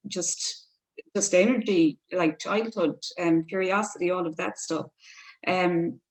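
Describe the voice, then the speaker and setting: A woman's voice: fairly low pitch, low-quality recording. A woman hosting an interview, speaking thoughtfully with frequent hesitations. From Ireland. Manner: thoughtful, searching, many hesitations. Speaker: host. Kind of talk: casual interview talk.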